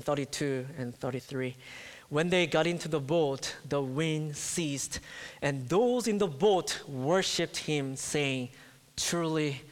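Slow, impassioned male preacher in a hall. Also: fairly high pitch. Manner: slow and deliberate, rising to impassioned pleading cries. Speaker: pastor. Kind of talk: sermon. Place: church. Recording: long reverb of a church hall.

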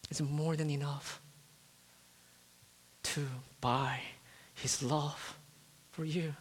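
A man preaching a sermon to his church, slow and deliberate, building to impassioned, pleading cries. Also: fairly high pitch, fairly even intonation, slightly rough. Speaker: pastor. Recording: long reverb of a church hall.

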